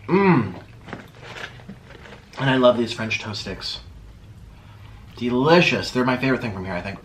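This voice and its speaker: A man hosting a chatty eating vlog at home, talking in a theatrical sing-song way that swings from loud bursts to mumbles. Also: mid-range voice, animated, measured pace, pauses often. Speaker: mukbang host.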